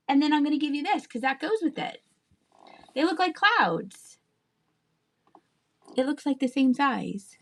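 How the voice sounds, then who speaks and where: A woman with a high, very animated voice hosts a live-stream sale, speaking slowly with long pauses. She chats casually and thinks out loud, drifting into asides, letting sentences trail off, and laughing often.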